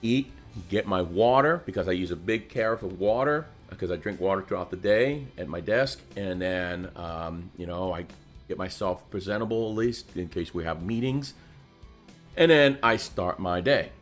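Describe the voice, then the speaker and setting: A man's voice: deep voice, normal speed, faint music behind. A man co-hosting a casual livestream chat, talking in a rambling way with many restarts and fillers. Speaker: co-host.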